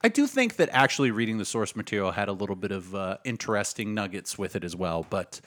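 A man's voice: on the low side, sing-song, quick pace, fairly bright tone, no echo, studio quality. A man co-hosting a casual book podcast, rambling in an easygoing way. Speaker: podcast co-host.

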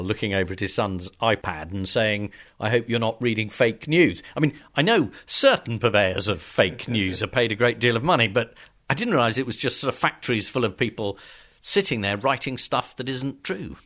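A man's voice: fairly low pitch, lively intonation, brisk, a bit bright. Weary, sardonic male editor. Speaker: magazine editor. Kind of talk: conversational podcast chat.

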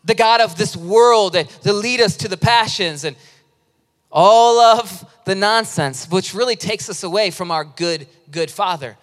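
High-voiced preaching man, echoing hall. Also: unhurried. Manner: lively, conversational preaching with humorous stories. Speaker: pastor. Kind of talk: sermon. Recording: long reverb of a large hall.

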